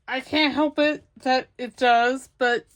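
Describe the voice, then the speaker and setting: A woman's voice: high voice, steady tone, slow pace. A middle-aged woman chatting casually to herself as she works on a craft project, self-deprecating and rambling. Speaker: crafting channel host. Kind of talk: casual chat while crafting.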